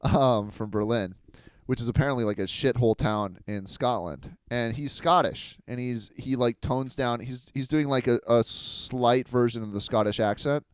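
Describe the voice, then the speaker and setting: A man co-hosting a comedy podcast, chatting casually with deadpan, absurd jokes and plenty of swearing. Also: medium pitch, normal speed, smooth, no room sound. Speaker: podcast co-host.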